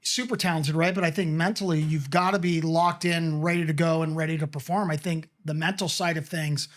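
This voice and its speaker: A man hosting a podcast, asking questions in a relaxed, encouraging way. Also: fairly high pitch, fairly quick. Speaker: podcast host. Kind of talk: casual interview chat.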